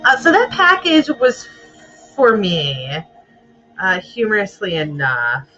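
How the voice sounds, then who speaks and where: Here a US gamer talks to herself as she plays, giving rambling, chatty let's play commentary. Her medium-pitched voice is sing-song and sharp, and she takes it slowly; the audio is dull, with faint music behind her.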